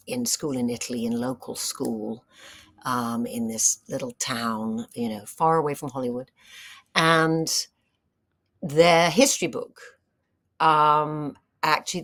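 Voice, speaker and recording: A middle-aged woman, an actress, telling stories in a casual interview, animated and full of fillers and restarts. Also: low voice. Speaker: actress and screenwriter, interview guest.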